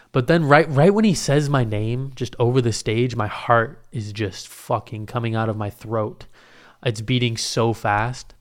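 Young man, casual storyteller, swears a lot, rambles, smooth voice. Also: mid-range voice, steady tone, moderate pace. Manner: profane, rambling, self-mocking.

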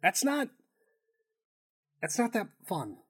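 A man's voice: sits high, wildly swooping pitch, slow, a bit bright, husky. A man co-hosting a casual sports betting chat, loose and profane, rambling with restarts. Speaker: podcast co-host.

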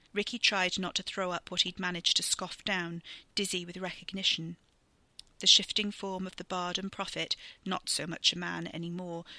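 A storyteller reading a fantasy chapter as scripted narration, vivid and steady. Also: mid-range voice, vocal fry, dry recording.

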